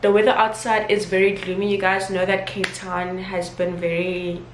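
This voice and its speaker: A woman's voice: mid-range voice, little pitch movement, normal speed. A young woman, chatting casually and emotionally in a home vlog. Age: 20s. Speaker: vlogger. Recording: roomy with faint background noise.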